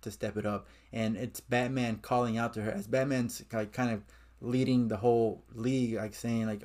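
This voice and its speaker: A man's voice: medium pitch, fairly even intonation, moderate pace, a little mellow. A man chatting casually as he recaps and critiques a comic book, with his opinions mixed in.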